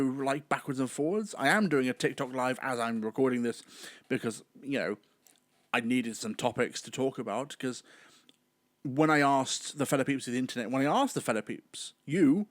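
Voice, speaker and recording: A young British man hosts his own solo podcast, rambling chattily and breaking into sudden theatrical outbursts. He speaks at a moderate pace in a medium pitch, with no room sound.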